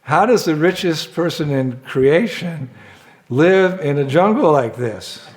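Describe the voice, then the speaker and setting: A man voicing an eager, simple-minded male thief in a spoken story, talking bluntly and excitably. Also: on the high side, slow. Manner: excitable, blunt, shouts when frustrated.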